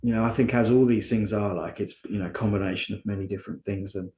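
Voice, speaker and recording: A man's voice: fairly low pitch, fairly even intonation, fast, dark tone, echoey room, slight background noise. A man as an interview guest, talking candidly and earnestly about his own life, often asking and answering his own questions. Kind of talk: candid conversational storytelling.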